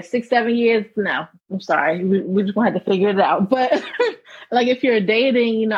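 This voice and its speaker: A woman's voice: mid-range voice, slightly rough, muffled recording. A woman in a casual group chat, chatty and laughing between thoughts. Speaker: panelist.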